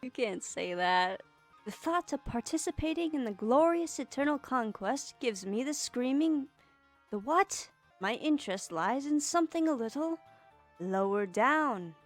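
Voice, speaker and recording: A woman's voice: high voice, lively intonation, a little slow, faint music behind, voice pushed up. Woman doing a pompous young troll boy. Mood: theatrical. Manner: pompous, flowery old-fashioned phrasing. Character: grandiloquent young male troll, eager, theatrical. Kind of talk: reading game dialogue aloud in character.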